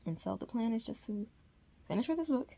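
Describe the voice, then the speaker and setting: A woman's voice: a little high, lively intonation, a little fast, vocal fry, mellow, breathy edge. A woman chatting casually to her camera at home for a reading vlog, rambling with many fillers. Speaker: reading vlogger.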